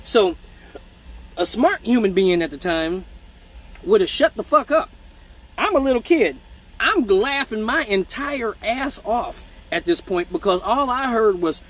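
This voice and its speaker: A man telling profane childhood stories in a casual live stream, animated and mimicking voices, with hiccups. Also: extremely high pitch, a little slow, rough recording. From Michigan. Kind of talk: casual storytelling.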